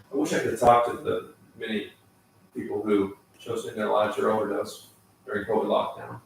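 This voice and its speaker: A man's voice: fairly low pitch, little pitch movement, brisk, creaky, slight background noise. A man vlogging his piano practice, reading lesson text aloud and adding sarcastic asides. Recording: echoey room, mic far off, piano in background.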